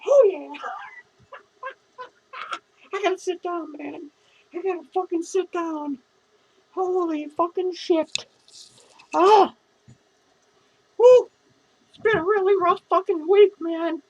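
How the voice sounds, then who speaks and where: In a comedic character monologue, a man voices a drunk, self-pitying male clown who slurs, swears and giggles as he rambles. It's a full character voice, extremely high-pitched and steady, delivered slowly with long pauses. The highs are cut off.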